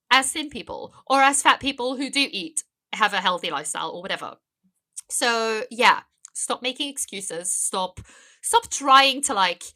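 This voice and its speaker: Young adult woman, podcast guest, higher register, bright tone, emphatic and earnest. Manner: earnest and emphatic, many fillers and restarts. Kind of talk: casual conversational interview.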